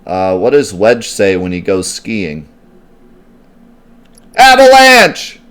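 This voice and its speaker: A man with a very low voice rambles casually through live gameplay commentary, answering his chat as he goes. His talk is loose and full of "like" and "um" fillers, with a faint hiss of noise under it. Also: measured pace, darkish tone. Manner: chatty and rambling, answering chat questions, heavy on "like" and "um". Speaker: let's play streamer.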